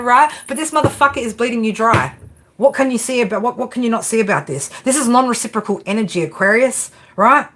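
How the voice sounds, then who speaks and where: A woman's voice: on the high side, a bit bright. Blunt, swearing woman. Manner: blunt, profane, exasperated, keeps asking "right?". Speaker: tarot reader. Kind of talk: tarot reading monologue. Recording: noisy background.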